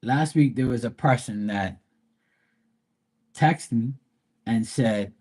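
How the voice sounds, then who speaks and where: A man's voice: mid-range voice, takes it slowly, long pauses, darkish tone, husky. A man chatting casually on a live tarot stream, telling rambling stories in a blunt, profane way. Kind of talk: casual livestream chat.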